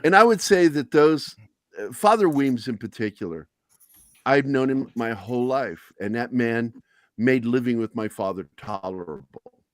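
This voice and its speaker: A man's voice: mid-range voice, lively intonation, normal speed, no room sound, studio quality. A middle-aged man hosting a talk show, telling candid personal stories in a blunt, profane, self-deprecating way. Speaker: podcast host.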